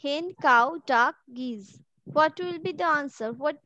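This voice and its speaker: A woman's voice: high voice, slow, pushed and bright, no echo, highs cut off. A woman teaching an online class, patiently repeating each question and word for her pupils. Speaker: school teacher. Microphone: video call from home.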